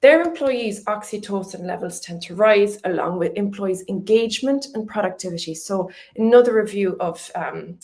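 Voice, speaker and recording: Sounding woman giving a talk, bit of fry in her voice, chatty, lots of ums. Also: mid-range voice, animated, moderate pace, few pauses, darkish tone. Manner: conversational, with fillers and laughs. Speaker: speaker. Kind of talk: presentation talk.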